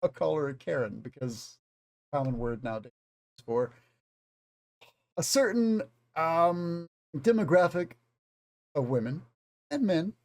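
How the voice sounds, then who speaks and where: A man's voice: a little high, big pitch swings, measured pace, creaky, long pauses, a little mellow. Southern US man teaching casually. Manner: rambling, conversational, self-aware. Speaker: English teacher. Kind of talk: unscripted video lesson.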